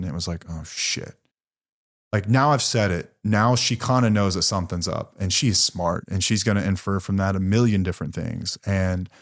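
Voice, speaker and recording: A man in his thirties with a lowish voice shares a raw personal story on his recovery podcast. He talks candidly and casually, with plenty of fillers, restarts and the odd curse word. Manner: candid, conversational, frequent fillers and self-corrections, occasional swearing. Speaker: podcast host.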